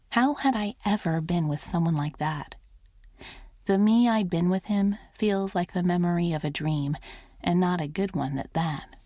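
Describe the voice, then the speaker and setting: Woman reading a romance audiobook, soft and intimate, lowish voice, super dry close mic. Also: dry recording. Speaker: audiobook narrator. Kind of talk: first-person romance audiobook narration.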